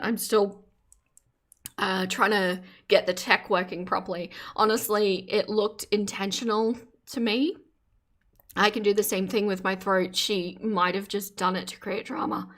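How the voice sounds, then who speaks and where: A chatty woman with a mid-pitched voice, streaming from her desk and talking through clips with her audience. She rambles and laughs easily, and her tone stays loose and conversational. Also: fairly bright tone. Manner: chatty, giggly, reads viewer comments aloud. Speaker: streamer host. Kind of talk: casual livestream reaction chat.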